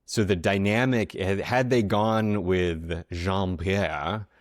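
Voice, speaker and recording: A man co-hosting a casual film podcast, talking in a halting way with many fillers and restarts. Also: low voice, steady tone, no echo, clean studio sound. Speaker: podcast co-host.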